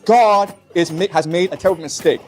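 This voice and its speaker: A man's voice: sits high, a little fast, a little hiss or hum. A man teaching a class in an emphatic way, often stopping to check that his students follow. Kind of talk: classroom lecture.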